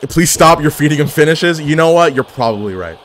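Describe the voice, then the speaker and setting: A man commentating his own online wrestling game, jokey and excitable, full of trash talk, swearing and wrestling slang. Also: on the high side, brisk, a little hiss or hum. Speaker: gaming video creator.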